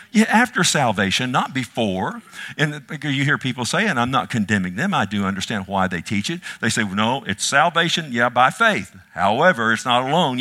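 A man preaching a sermon to his congregation, emphatic, dropping to a hush and then rising loud, often asking the listeners questions. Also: mid-range voice. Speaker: pastor.

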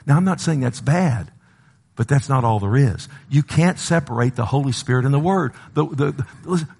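A man preaching a sermon with passion, swinging from loud exhortation to low, slow emphasis and calling out to the congregation. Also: expressive, gravelly, husky.

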